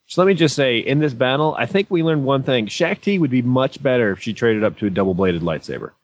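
Guy hosting a chat, eager recap, mid voice, flat dull recording. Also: mid-range voice, quick pace. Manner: enthusiastic, recapping scenes. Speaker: podcast host. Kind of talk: casual chat. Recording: dry, dull lo-fi sound.

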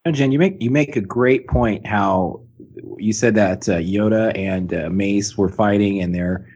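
A man in a casual chat, talking excitedly and rambling with fillers. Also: fairly low pitch, a little slow, slightly rough, highs cut off.

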